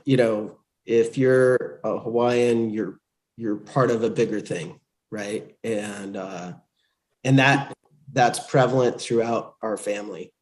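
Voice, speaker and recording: A man chatting casually on a reunion panel, relaxed, with his voice trailing off quietly at times. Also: lowish voice, slow. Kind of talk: casual chat.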